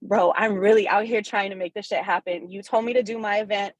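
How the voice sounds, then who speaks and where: A woman speaks on a video call about her recent wins as a real estate agent. She is candid and excited and swears freely. The sound is dry and close, with no room echo. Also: mid-range voice, fairly quick. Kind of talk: casual testimonial in a coaching call.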